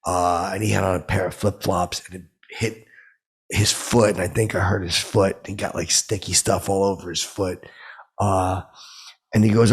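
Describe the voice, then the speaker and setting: A gravelly, husky man with a lowish voice spins a rambling, crude comic story. He sounds boastful and oblivious, bragging about run-ins as a podcast host in character. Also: fairly even intonation, brisk.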